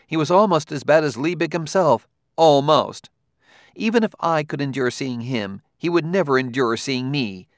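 A man's voice: on the high side, expressive, moderate pace, no echo, studio quality, voice pushed up. A man reading an audiobook, voicing a plump, scornful woman who taunts and mocks in a raised voice. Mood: cool, firm.

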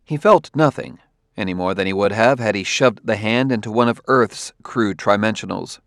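A man reading a novel aloud as audiobook narrator, in a measured, steady way. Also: fairly low pitch, dry recording, clean studio sound. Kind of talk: scripted narration.

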